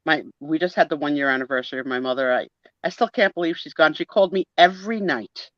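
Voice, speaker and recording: A woman's voice: sits low, fast, no echo. Chatty woman, livestream co-host, laughing storyteller, dull dry call audio. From Italian-American family. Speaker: co-host of a live photo sale. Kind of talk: casual livestream chat.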